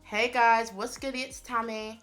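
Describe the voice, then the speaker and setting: A woman's voice: on the high side, level tone, a bit bright, soft background music. A woman co-hosting a casual podcast chat, playful and teasing, still recovering from being sick. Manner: playful, teasing, quick jokes. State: recovering from illness. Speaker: podcast co-host.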